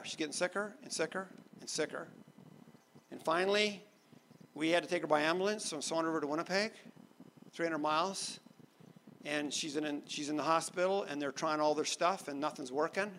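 Bright-voiced man telling a testimony. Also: fairly high pitch, slight background noise. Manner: animated storyteller, laughs, drops soft for serious moments. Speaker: preacher telling his testimony. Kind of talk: sermon storytelling.

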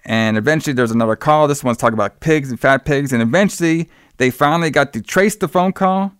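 A man's voice: a little high, fast talker, smooth, dry recording, studio quality. A man in casual chat, retelling a film scene by scene, filler-heavy, jumping into raised voices to act out the characters' lines. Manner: animated retelling, acting out lines in raised voices, swears freely. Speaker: podcast co-host recapping a film.

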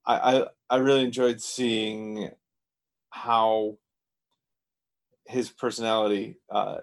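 A man's voice: lowish voice, level tone, slow, vocal fry. A man chatting on a podcast about a TV episode, thoughtful and stammering on his opening words. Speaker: podcast co-host. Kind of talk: casual TV recap chat.

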